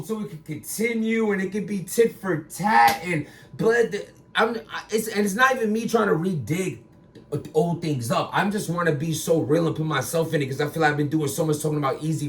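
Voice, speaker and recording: A battle rapper talking in a rambling casual commentary, bursting into loud emphatic lines. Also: male voice, high voice, recorded from a distance.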